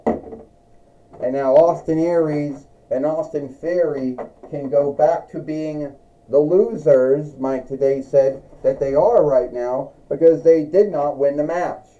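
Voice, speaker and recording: Slow-talking man narrating homemade wrestling. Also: fairly high pitch, warm tone, distant mic. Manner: rambling, with slips. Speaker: narrator and commentator. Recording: dull lo-fi recording.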